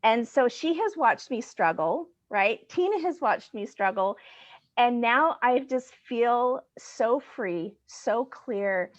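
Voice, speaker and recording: A middle-aged woman, a guest on the show, telling her personal story in an earnest, excitable way, at times close to tears, over a video call. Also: a little high, takes it slowly, dry recording, dull audio. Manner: earnest, excitable, gets choked up. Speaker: guest, business owner. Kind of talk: emotional personal story in a casual chat.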